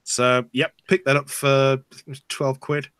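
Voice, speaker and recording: A man's voice: mid-range voice, flat delivery, normal speed, a bit bright, smooth, dry recording. A man hosting a podcast, chatting casually and thinking aloud as he talks. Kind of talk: casual chat.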